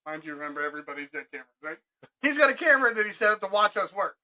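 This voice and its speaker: Middle-aged man, high bright tense voice, animated storyteller for a casual podcast. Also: very fast, rough recording. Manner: animated, laughing, acts out both sides of conversations. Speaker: restoration business owner telling stories.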